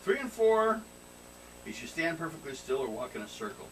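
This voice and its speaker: A man's voice: fairly high pitch, big pitch swings, moderate pace, a bit bright. Man running a tabletop game. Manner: casual, laughing, directing players to roll dice. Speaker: game master. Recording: noisy room recording from a distance.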